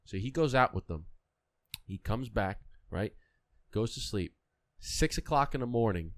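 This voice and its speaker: A man's voice: fairly low pitch, expressive, measured pace. A man, a wrestling coach and podcast guest, telling stories casually, repeating phrases and acting out the people he quotes. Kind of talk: casual storytelling. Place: podcast studio.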